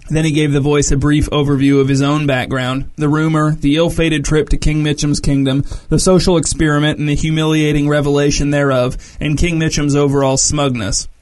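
A man reading a story aloud as narrator, measured and descriptive. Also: a little high, little pitch movement, darkish tone.

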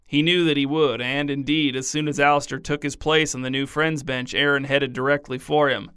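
A man narrating a story in a deadpan, scripted reading. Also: mid-range voice, fairly quick, clean tone, no echo, studio quality.

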